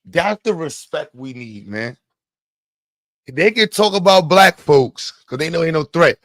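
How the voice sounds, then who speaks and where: A man's voice: a little high, lively intonation, measured pace, fairly bright tone, dry recording. A man hosting a stream, reacting and arguing in a blunt, profane, heated casual way. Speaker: stream host.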